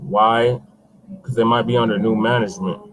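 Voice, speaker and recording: A man on a casual podcast, calmly reasoning and setting the facts straight. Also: fairly low pitch, moderate pace, slight background noise, low-quality recording. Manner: calm, reasoning, corrective. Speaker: podcast co-host. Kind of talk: casual chat.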